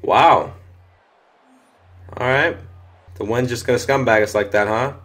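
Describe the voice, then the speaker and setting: A young man talks through a football video game as he plays it, in a mid-range voice. He swears freely and jumps into shouts at fumbles and touchdowns. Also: mid-range voice, measured pace, soft background music. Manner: excitable, swears often, shouts at big plays. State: voice briefly giving out. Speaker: gaming commentator. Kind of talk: live gameplay commentary.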